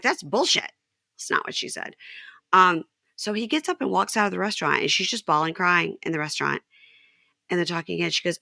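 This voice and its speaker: Bright-voiced woman hosting a chatty recap. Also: deep voice, creaky, dry recording, clean studio sound. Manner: animated retelling, quoting dialogue. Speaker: podcast host. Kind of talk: casual chat recapping a show.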